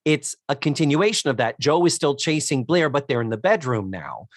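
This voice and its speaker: Male podcast co-host, lively delivery, dry close sound, recaps and acts out scenes. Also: mid-range voice, moderate pace, dry recording. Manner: animated, acts out characters' lines in put-on voices. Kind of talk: casual chat recapping a sitcom episode.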